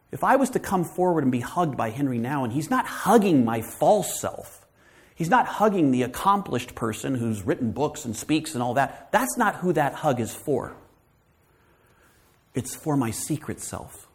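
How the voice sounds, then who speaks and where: A man giving a sermon as a guest speaker at a church, telling stories in an animated way, acting out quoted voices and often asking "right?". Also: a little high.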